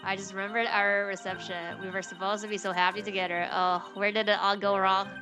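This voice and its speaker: A woman's voice: mid-range voice, little pitch movement, a little fast, over music, lightly acted. A woman voicing a melodramatic young bride who frets and mourns aloud in a game read-through. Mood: mournful. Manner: fretful, sobbing theatrics.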